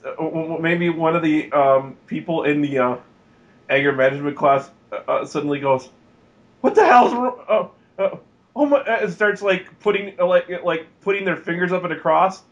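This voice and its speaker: A man in a casual wrestling recap chat, speaking haltingly with many stumbles and restarts. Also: on the high side, steady tone. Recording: dull lo-fi audio.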